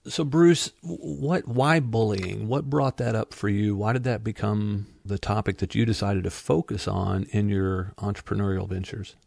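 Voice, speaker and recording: A man's voice: fairly low pitch, steady tone, normal speed, creaky, hardly any pauses, a little mellow, no room sound, studio quality. A man hosting an interview, engaged and reflective as he asks questions. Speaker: interview host. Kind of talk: conversational interview.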